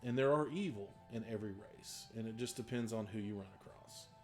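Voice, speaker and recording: A man's voice: lowish voice, fairly quick, soft background music. A man from Southern West Virginia with a faded accent from there, a dungeon master answering questions in casual talk, rambling with many fillers and restarts.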